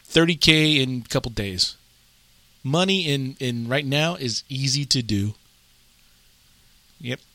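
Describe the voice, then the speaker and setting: A man's voice: medium pitch, slow pace, long pauses, sharp tone, no room sound. A man hosting a casual gaming podcast, rambling and self-amused, laughing often at his own jokes. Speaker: podcast host.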